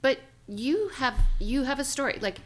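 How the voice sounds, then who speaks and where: A woman's voice: high voice, animated, moderate pace, soft background music. A woman co-hosting a podcast, upbeat and steering the talk with questions. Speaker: podcast co-host. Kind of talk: casual conversation.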